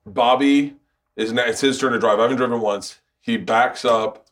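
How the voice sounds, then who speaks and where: A man's voice: mid-range voice, moderate pace, a bit bright. A man in his fifties hosting a podcast, telling stories in casual chat, swearing freely and laughing often. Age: 50s. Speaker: podcast host.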